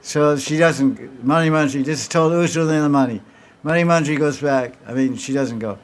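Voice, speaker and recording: A man's voice: on the high side, a little fast. A man teaching at a devotional gathering, telling a story and acting out its dialogue, with many restarts. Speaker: spiritual teacher. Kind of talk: devotional lecture with questions.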